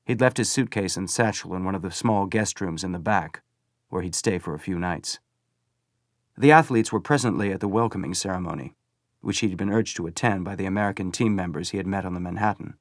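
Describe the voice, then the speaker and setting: Deep-voiced male audiobook narrator. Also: no echo, clean studio sound. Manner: measured storytelling. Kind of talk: scripted narration.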